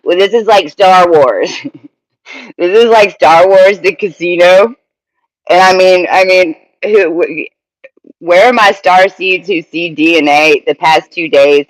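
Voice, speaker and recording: Brief: high-pitched male spiritual teacher, emphatic and repetitive. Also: fairly bright tone, rough recording. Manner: repetitive, emphatic, restarts phrases.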